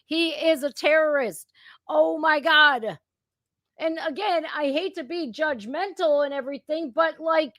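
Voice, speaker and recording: Brief: woman reaction host, slightly high voice, indignant and conversational, dry close sound. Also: a little slow, a bit bright, dry recording. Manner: indignant, conversational, addresses viewers directly. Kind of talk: impromptu live stream commentary.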